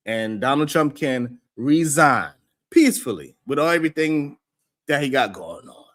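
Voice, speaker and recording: A host of a live call-in stream who talks casually, reacts to viewer comments and mocks critics with exaggerated voices. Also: male voice, medium pitch, lively intonation, normal speed.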